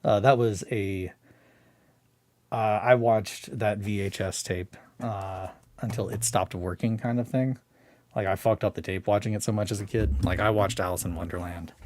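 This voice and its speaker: A man hosting a casual morning chat stream, talking in an excitable, rambling way with many restarts. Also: lowish voice, moderate pace, dry recording. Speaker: hobby streamer.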